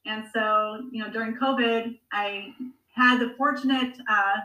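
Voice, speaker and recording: Woman, 40s, podcast guest, bright and animated, recorded in a roomy space a little far from the mic. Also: on the high side, a little slow. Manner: chatty, animated storytelling with laughs. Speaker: guest, amateur marathon runner. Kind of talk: conversational podcast interview. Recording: echoey room, voice a bit off-mic.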